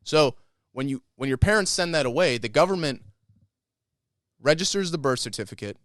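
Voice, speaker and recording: A man's voice: on the high side, expressive, moderate pace, a bit bright, dry recording, clean studio sound. A man co-hosting a podcast, telling a story in a rambling, profane, casual way. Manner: rambling, profane retelling of a conversation. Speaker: podcast co-host.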